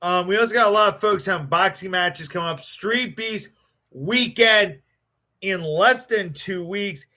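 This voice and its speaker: A man hosting his live stream, hyped up and emotional, stammering and repeating words as he warms up the show. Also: sits high, a little slow. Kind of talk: excited live-stream chat.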